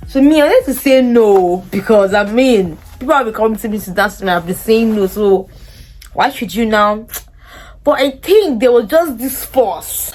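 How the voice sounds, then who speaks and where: A young woman with a Nigerian English accent telling a personal story to her vlog audience, lively and acting out what people said. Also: normal speed. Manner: animated, acts out quoted dialogue in a much higher voice. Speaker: vlogger. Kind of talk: casual storytelling.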